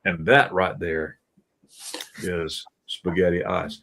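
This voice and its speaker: Animated middle-aged man telling stories. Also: low voice, slow pace, gravelly, heavy background noise. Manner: animated storytelling, quizzing listeners. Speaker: host. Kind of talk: casual live-stream chat.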